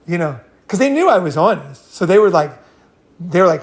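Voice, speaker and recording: A man's voice: high voice, sing-song, a little fast. A man hosting a casual talk, telling rambling stories with frequent laughs and swearing. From California. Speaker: host. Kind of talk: casual storytelling and advice.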